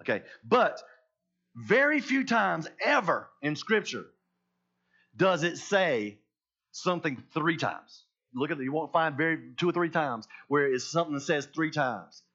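Emphatic preaching man, slightly high voice. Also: lively intonation, measured pace, muffled recording. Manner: emphatic preaching that swings between hushed and loud. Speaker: pastor. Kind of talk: sermon.

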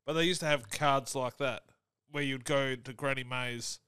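A man's voice: medium pitch, fairly even intonation, normal speed, bright, forceful tone, clear, resonant tone, no room sound. A man co-hosting a comedy podcast, sardonic and sweary in his banter. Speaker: podcast co-host. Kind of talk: casual comedy chat.

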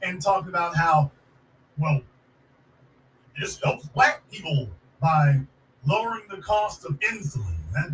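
Fired-up high-voiced man in echoey room. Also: a bit bright, distant mic, a little hiss or hum. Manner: fiery, sarcastic, repeats points for emphasis. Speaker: podcast host. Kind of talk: political commentary monologue.

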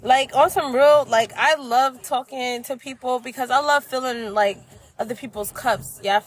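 A woman co-hosting a podcast, talking in loud, profane, animated casual chat. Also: sits high, normal speed. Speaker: podcast co-host.

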